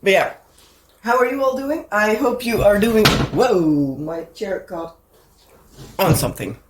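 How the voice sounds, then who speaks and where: A woman with a Dutch accent, hoarse from a cold, hosting a casual rambling craft chat and pausing now and then to find the right words. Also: mid-range voice, animated, background noise. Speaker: crafting channel host.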